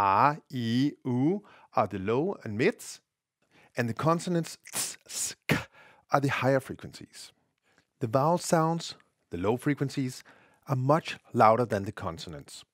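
A man's voice: mid-range voice, no room sound. This is a man in the middle of his range, delivering a scripted technical lesson. His intonation rises and falls a lot as he stresses each point with care. The sound is dry and close, with no room around it. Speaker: audio tutorial presenter.

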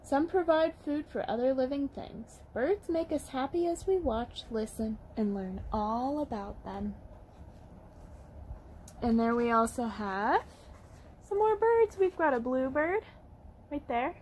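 A woman leads a storytime lesson for toddlers, reading aloud in an encouraging, sing-song manner. Her voice sits high and is animated yet slow-paced and a little mellow, with slight background noise.

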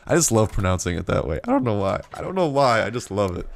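Excitable young man rambling over gameplay. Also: lowish voice, fast talker, gravelly. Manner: rambling and excitable, swears freely, yelps when startled. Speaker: gaming YouTuber. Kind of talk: casual let's-play commentary.

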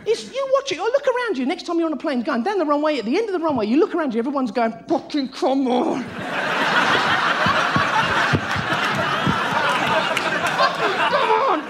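A comedian in the middle of a live stand-up set, his voice sitting high and leaping wildly as he works himself into a frenzy. His frantic, manic delivery is recorded on a theatre stage. Loud audience laughter and noise fill the room around him. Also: very animated, very fast, hardly any pauses, crowd noise.

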